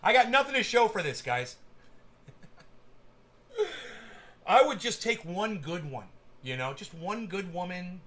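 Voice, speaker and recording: A man's voice: high voice, sing-song, a little slow, long pauses, sharp tone. A man hosting a live stream, ranting casually with lots of swearing and stammered repeats. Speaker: livestream host. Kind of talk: casual livestream rant.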